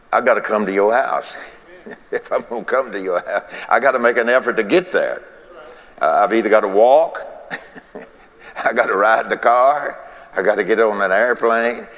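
Male preacher, slow deliberate delivery, low voice, big echoing church sound. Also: fairly bright tone. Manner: folksy, repeats phrases, laughs between points. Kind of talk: sermon.

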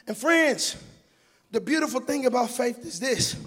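A man preaching in a church with a strikingly high, husky voice that rises into chanted shouts. He tells stories with comic timing, and his words ring out with a long reverb from the big hall around him. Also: lively intonation, unhurried. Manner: chanting, shouted preaching cadence with humorous storytelling. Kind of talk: sermon. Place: church sanctuary.

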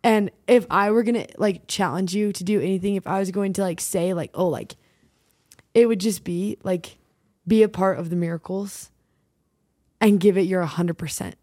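A woman's voice: medium pitch, normal speed, warm tone, dry recording, clean studio sound. A young woman co-hosting a faith podcast, talking heartfelt and rambling with lots of "like" fillers. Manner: heartfelt, rambling, heavy use of "like". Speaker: podcast co-host. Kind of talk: casual faith-based podcast chat.

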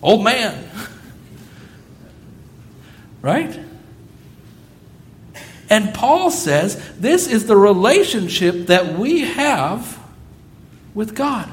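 A man preaching a sermon as pastor, telling stories with lively, acted-out quotes. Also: high-pitched, very slow, long pauses. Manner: animated storytelling, acting out quoted voices.

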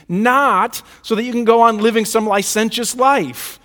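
A man's voice: very high-pitched, fairly even intonation, a little slow, bright, forceful tone. A man preaching a sermon in a church, speaking with emphatic rhythm and repeated lists. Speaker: pastor. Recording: reverberant hall.

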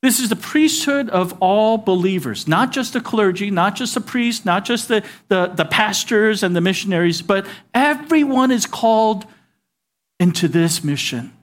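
High-voiced male pastor preaching. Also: expressive, moderate pace. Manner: conversational preaching with call-and-response asides. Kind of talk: sermon.

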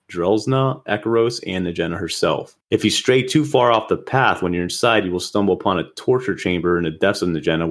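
A man co-hosting a casual gaming podcast, calmly explaining a game zone and its monsters. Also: deep voice. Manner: relaxed, explanatory, lists things at a measured pace. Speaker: podcast co-host.

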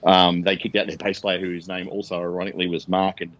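A man's voice: low-pitched, fast talker, no room sound, muffled recording. A middle-aged Australian man telling rambling stories in a casual interview, acting out quoted lines. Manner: rambling, animated anecdotes with acted-out quotes. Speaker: guest.

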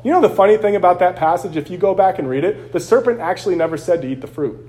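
A man's voice: high voice, lively intonation, fairly quick, mellow. A man preaching a sermon as pastor, earnest and conversational, acting out quotes along the way.

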